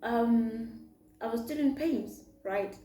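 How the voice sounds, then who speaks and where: A young woman tells a long personal story in a relaxed, chatty way, now and then slipping in Setswana phrases. Her voice sits a little on the high side. The room around her sounds echoey. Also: slow. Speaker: vlogger. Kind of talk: storytime vlog while eating.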